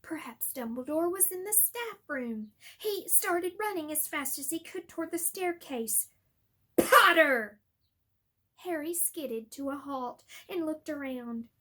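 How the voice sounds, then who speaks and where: Brief: unhurried, high-pitched female reader, steady and expressive. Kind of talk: audiobook reading.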